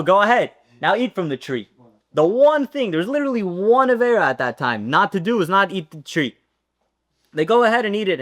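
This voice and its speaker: A man teaching a Torah class, telling a story with lively acted-out dialogue. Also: sits high. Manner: animated storyteller, acts out dialogue.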